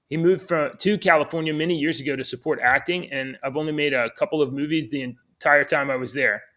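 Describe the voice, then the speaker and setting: A man's voice: medium pitch, a bit bright. A man co-hosting a casual morning show, rambling and joking as he reads out news items. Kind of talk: casual chat.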